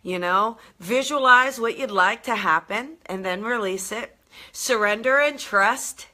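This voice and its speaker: A woman hosting a live motivational talk, bubbly and animated, laughing often and answering viewer comments as she goes. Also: a little high, unhurried. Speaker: intuitive coach and live show host. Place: live video stream.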